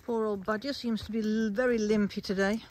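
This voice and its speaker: A woman vlogging on a woodland walk, calling and praising her dogs in a sing-song way and musing quietly about the woods. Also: medium pitch, fairly even intonation, brisk. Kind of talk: casual outdoor vlog with dog commands. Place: woodland outdoors.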